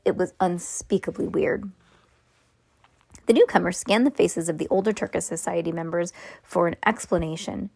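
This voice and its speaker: A woman's voice: lowish voice, gravelly, no echo. Woman, casual read-aloud of a novel to a kid, asides and restarts, dry close sound. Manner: reads with asides, restarts and laughs. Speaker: parent reading aloud to a child.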